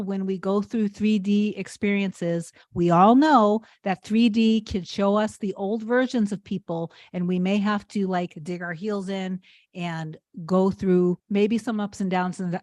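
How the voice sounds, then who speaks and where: A woman hosting a live question-and-answer stream as a spiritual coach, talking casually with lots of "like" fillers and slowing down to stress points. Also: medium pitch, dry recording, clean studio sound. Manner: warm, chatty, frequent laughs and "like" fillers. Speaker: manifestation coach hosting a livestream.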